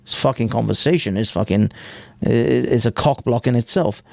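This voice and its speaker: A man's voice: mid-range voice, moderate pace, vocal fry, darkish tone, no echo. Profane rambling British man, dry sound. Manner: profane, rambling, stumbles over words. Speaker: live stream host. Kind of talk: crude casual commentary while reading an article aloud.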